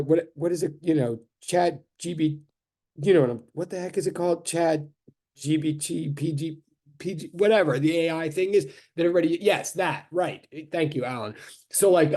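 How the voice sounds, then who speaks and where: A man's voice: fairly high pitch, a little mellow. A middle-aged male physics professor lecturing his class in a chatty, rambling way, full of fillers, restarts and asides.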